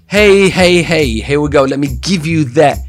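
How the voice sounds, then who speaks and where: Man, podcast host, energetic, playful, slightly high voice, faint music behind. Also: unhurried, no room sound. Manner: energetic, playful, hype-style announcing. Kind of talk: casual podcast chat. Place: studio with cameras.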